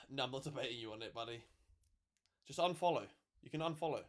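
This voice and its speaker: A man's voice: medium pitch, fairly quick. A man hosting a casual livestream, talking to viewers in a sarcastic, swearing, offhand way. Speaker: livestream host.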